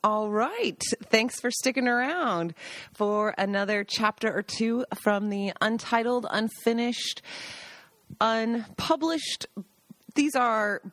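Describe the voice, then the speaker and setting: A woman hosting a podcast tells casual, animated stories in a chatty way. Her voice sits in a middle range and sounds dry and close. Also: medium pitch, no echo. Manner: chatty, animated, laughing anecdotes. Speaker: podcast host. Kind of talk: casual storytelling.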